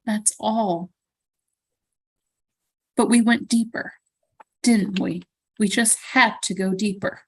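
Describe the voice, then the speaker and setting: A woman's voice: medium pitch, fairly even intonation, slightly rough. Brief: haunting mind-whispers of lost souls, as a woman game master puts them on, drawn out. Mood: eerie. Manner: slow, hushed, mournful.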